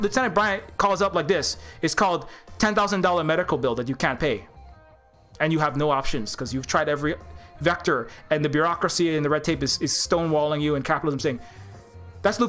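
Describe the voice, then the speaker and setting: A man's voice: fairly high pitch, a little fast, a bit bright, faint music behind. A man delivering an impassioned political rant, heated and profane, sarcastic, with frequent restarts and repeated words. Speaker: game developer talking on his channel.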